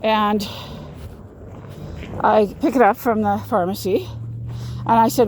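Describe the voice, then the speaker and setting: A woman vlogger tells the camera about a personal experience, speaking emphatically, repeating herself and frequently restarting sentences. Her mid-range, slightly mellow voice moves at a measured pace with frequent pauses, over slight background noise.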